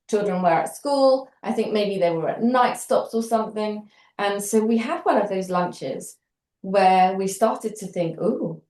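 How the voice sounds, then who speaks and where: A middle-aged British woman telling a story in an interview, animated and wry, acting out the dialogue as she goes. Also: medium pitch. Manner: animated, acts out quoted dialogue with wry humour. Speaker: interview guest. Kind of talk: conversational storytelling. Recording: roomy echo.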